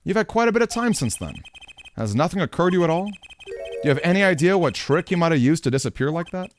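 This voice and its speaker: Brief: man voicing a young lawyer, lower and steady, pressing a witness with pointed questions. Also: quick pace, slight background noise, close to an everyday voice. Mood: probing. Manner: low, flat and insistent questioning. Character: young male defense attorney, probing and dry.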